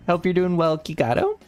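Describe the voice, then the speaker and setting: A young man on a casual study livestream, working through math problems out loud, rambling and correcting himself as he talks to chat. His voice is still a little rough from the morning. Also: high-pitched. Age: young adult. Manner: rambling, self-correcting, chatty with chat readers. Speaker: vtuber math streamer.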